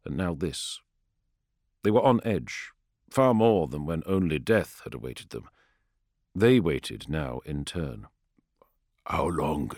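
A man narrating an audiobook in a measured, grave storytelling manner, recorded on a close studio microphone. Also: rumbling low, big pitch swings, a little mellow, no echo. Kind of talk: scripted dramatic narration.

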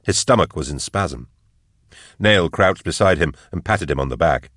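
A man narrating an audiobook chapter in measured, even storytelling. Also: deep voice, no room sound, clean studio sound. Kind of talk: scripted narration.

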